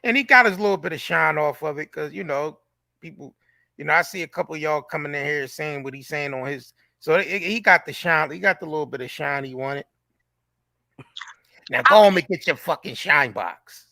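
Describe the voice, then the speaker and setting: A man's voice: fairly high pitch, a little fast, creaky, pushed and bright, dry recording, studio quality. A man co-hosting a casual online show, joking and slangy, swearing freely. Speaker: co-host.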